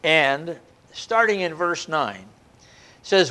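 A man's voice: fairly high pitch, moderate pace. An older man preaching a sermon, with a conversational delivery and frequent restarts. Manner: lively, rising and falling delivery with frequent restarts.

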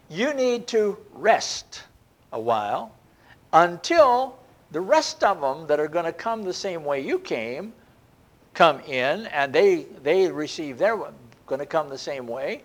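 Older man preaching with lively pitch. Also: takes it slowly. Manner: lively, rising and falling delivery with frequent restarts. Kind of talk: sermon.

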